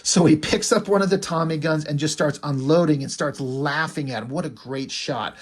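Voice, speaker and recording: A man's voice: a little high, moderate pace, slight background noise. Rambling man recapping a comic. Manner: loose, rambling, many fillers. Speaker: comic book reviewer. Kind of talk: casual comic review narration.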